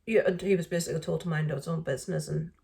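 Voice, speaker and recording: A woman's voice: low-pitched, fairly even intonation, fast talker, creaky, darkish tone. A middle-aged woman vlogger casually retelling an incident, indignant and full of fillers and restarts. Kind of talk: casual storytelling to camera.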